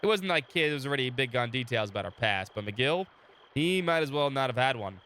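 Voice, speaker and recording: On a live game stream, a man reads the story text aloud and chats casually, laughing often and turning to chat between readings. He has a sore throat and is recovering from illness. His mid-range voice is animated, brisk, pushed, and bright.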